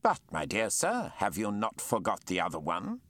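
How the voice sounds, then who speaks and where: A man voicing a learned, courteous male naturalist with formal, precise speech that turns excitable. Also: fairly low pitch, moderate pace, no echo, full character voice. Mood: dryly polite.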